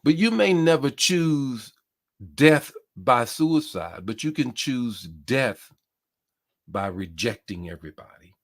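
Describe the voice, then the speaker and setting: A man's voice: mid-range voice, animated, slow. A bishop preaching a sermon with passion, repeating his key phrases and reading out comments from listeners. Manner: impassioned, repeats phrases, reads comments aloud.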